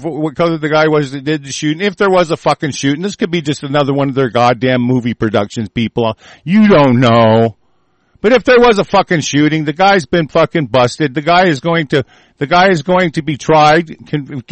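A man with a medium-pitched voice delivers an angry monologue full of profanity, swearing constantly and often breaking off to restart mid-sentence. There's no echo on the recording.

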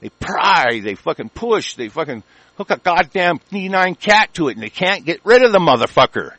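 An American man rants as a talk radio host, furious and profane, often tripping over restarts. His voice sits somewhat high for a man. The sound is dry and close, with no room echo. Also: sing-song, moderate pace, pushed and bright. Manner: angry, profane, stammering restarts. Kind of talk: ranting talk radio monologue.

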